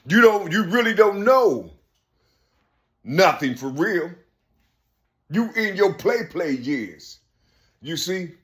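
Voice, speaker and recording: A man's voice: on the high side, husky. Earnest man preaching street-wise advice. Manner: preachy, repeats "you see?" often; street slang, earnest and insistent. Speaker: speaker giving life advice. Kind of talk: informal spoken advice.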